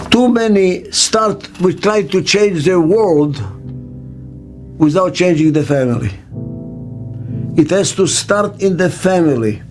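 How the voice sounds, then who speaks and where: An older man giving an interview as a business consultant, speaking slowly and emphatically and repeating key words for stress. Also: a little high, darkish tone. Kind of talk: reflective interview monologue. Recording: faint music underneath.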